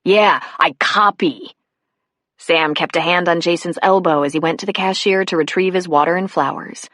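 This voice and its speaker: Low-voiced woman reading an audiobook. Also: no room sound, studio quality. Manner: measured, even storytelling. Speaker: audiobook narrator. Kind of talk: scripted narration.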